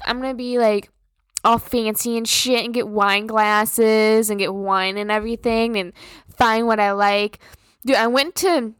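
Young woman, podcast host, cursing rant, high-ish voice, dry close sound. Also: a bit bright, no echo. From Minnesota. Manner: profane, blunt, storytelling. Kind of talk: casual rant.

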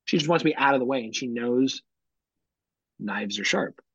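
A man's voice: medium pitch, normal speed, husky, no echo, lo-fi sound. A man in his thirties, a podcast co-host, chatting casually and acting out the quotes in his stories. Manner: animated storyteller, acts out quotes. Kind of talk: casual chat.

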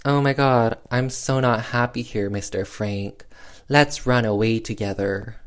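A man's voice: medium pitch, unhurried, natural voice. A man voicing a dramatic, fed-up young wife in a mocking put-on tone. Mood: whiny.

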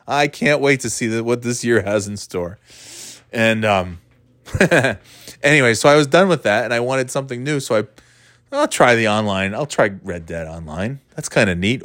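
A man casually rambling about video games as a dad, cussing freely and breaking into loud mock quotes. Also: lowish voice, smooth, dry recording, clean studio sound.

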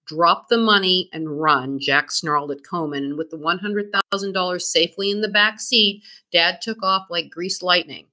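Bright-voiced woman narrating true crime. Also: on the low side, moderate pace, hardly any pauses. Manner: reads from a script, dramatic storytelling. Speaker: podcast co-host.

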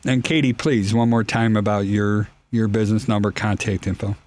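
A man with a Chicago accent hosting a radio talk show, reading out plugs and phone numbers in a brisk, friendly way. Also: lowish voice, steady tone, a little mellow.

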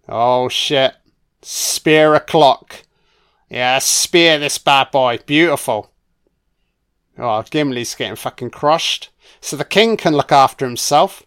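Excitable, foul-mouthed man yelling at the screen, unhurried, smooth clear tone. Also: a little high. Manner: excitable, swears a lot, talks to the screen. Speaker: film commentator. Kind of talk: casual film commentary. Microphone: home microphone, audio only.

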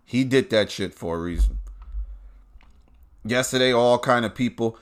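At medium pitch and a measured pace, a podcast host rants bluntly in his car. The commentary is profane throughout, with swearing nonstop.

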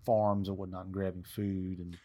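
A man's voice: low-pitched, flat delivery, normal speed, lo-fi sound. A man on a casual podcast, rambling through history anecdotes with many fillers. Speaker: co-host, history buff.

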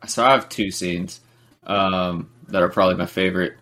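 A man's voice: low-pitched, fairly even intonation, normal speed, a bit bright. A man co-hosting a casual podcast chat, talking in a rambling, hesitant way. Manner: rambling, hesitant with frequent ums and likes. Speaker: podcast co-host.

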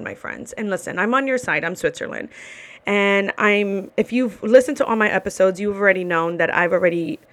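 A woman's voice: mid-range voice, dry recording. Female podcast host, blunt and profane, ranting casually, mid-range voice, dry recording. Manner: blunt, swears freely, repeats for emphasis.

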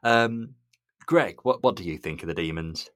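A man with a very low voice chats casually on a podcast, relaxed and easygoing. The sound is close and dry, with no room echo. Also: moderate pace. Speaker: podcast co-host.

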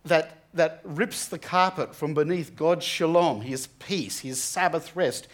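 A man's voice: on the high side, measured pace. A young man giving an earnest, conversational Bible talk to students, often restarting his sentences. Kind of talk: sermon.

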